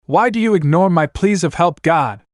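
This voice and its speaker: A man's voice: a little high, lively intonation, moderate pace, no room sound, studio quality, pitched above the performer's own voice, natural voice. A man voicing a devout young male exorcist with a pleading, earnest manner. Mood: anguished.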